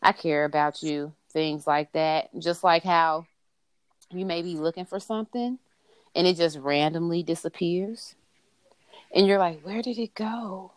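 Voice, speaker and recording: A woman's voice: on the low side, unhurried, clean tone, no room sound. A woman chatting casually, rambling with fillers and repeated words. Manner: conversational, lots of fillers and repeats. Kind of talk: casual chat.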